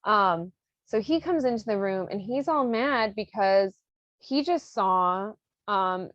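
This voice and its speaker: Casual podcast host, woman, swears freely, mid pitch, dull dry recording. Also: animated, unhurried, no echo. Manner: loose and profane, peppered with "like". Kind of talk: casual chat retelling an opera plot.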